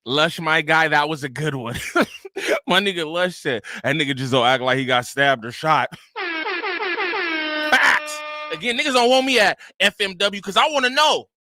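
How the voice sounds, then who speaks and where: A man hosting a reaction channel and riffing in loose, slangy commentary. He has a bright voice that sits fairly high for a man, and the sound is dry and close. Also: normal speed, no echo. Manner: animated, joking, slangy. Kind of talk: casual commentary.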